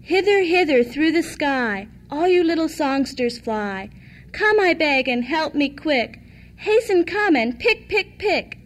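A woman voicing a poor, gentle young servant girl in a fairy tale, speaking softly and pleadingly. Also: high voice, animated, normal speed, few pauses. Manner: pleading and soft.

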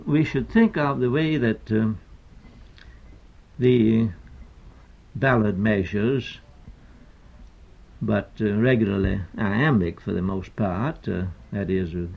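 An older man, a poet, lecturing on meter in a hesitant, deliberate way with many pauses and fillers, on a dull lo-fi archival recording. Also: fairly low pitch, gravelly.

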